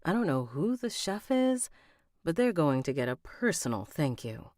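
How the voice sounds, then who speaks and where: A woman's voice: deep voice, big pitch swings, moderate pace, darkish tone. A woman reading an audiobook aloud on a live stream, breaking off to chat with viewers and redo lines.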